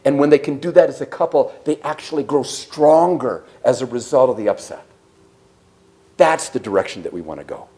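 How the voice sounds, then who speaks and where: A man giving an animated sermon-style talk at a church service, telling stories and questioning the audience. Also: medium pitch, brisk. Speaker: speaker.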